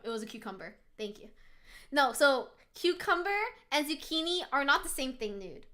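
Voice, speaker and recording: A woman's voice: high voice, lively intonation, moderate pace, pushed and bright. A young woman hosting a quiz on a live stream, chatting casually, laughing often, reading chat aloud and swearing freely.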